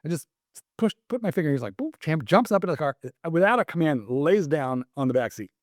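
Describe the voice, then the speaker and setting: A middle-aged man, a dog trainer guest, telling animated stories in a casual interview. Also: fairly high pitch, quick pace, no echo, studio quality. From Canada. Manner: animated storyteller, acts out the dog and owner.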